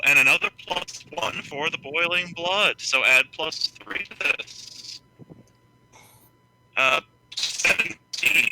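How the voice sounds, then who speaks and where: Male player, mid pitch, counts rolls aloud, heavy noise behind. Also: vocal fry. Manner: thinks aloud while tallying rolls. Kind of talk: casual chat. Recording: loud background noise.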